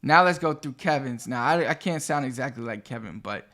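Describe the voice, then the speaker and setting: A man's voice: medium pitch, lively intonation, a little fast, a bit bright. A man with a Caribbean Spanish accent, Puerto Rican with a Dominican cadence, giving a casual, chatty language lesson that switches between English and Spanish to demonstrate pronunciation. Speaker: Spanish teacher.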